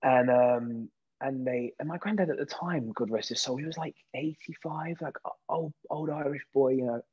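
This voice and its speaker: A British man in his thirties, a guest actor in a casual interview, telling lively stories and acting out what people said. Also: medium pitch, normal speed, husky, dull audio. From Britain. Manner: lively storyteller who acts out quoted voices.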